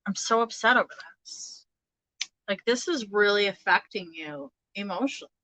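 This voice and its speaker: Brief: thirties woman, bright forceful tone, dry close sound, halting tarot reader full of fillers. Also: medium pitch, no room sound, poor audio. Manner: hesitant, halting, many fillers and restarts. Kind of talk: casual live tarot reading.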